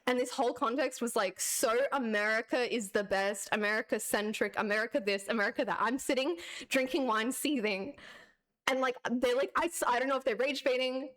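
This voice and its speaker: A woman's voice: fairly high pitch, brisk. Sarcastic woman ranting. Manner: sarcastic, animated, laughs often. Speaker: streamer. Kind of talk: casual ranting storytelling.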